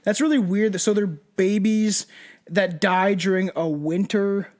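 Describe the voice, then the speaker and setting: A man's voice: high voice, a little slow, darkish tone. A man co-hosting a podcast in casual, profane chat, laughing as he tells stories over drinks. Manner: loose, profane, laughing storyteller. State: drinking shots. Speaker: podcast co-host.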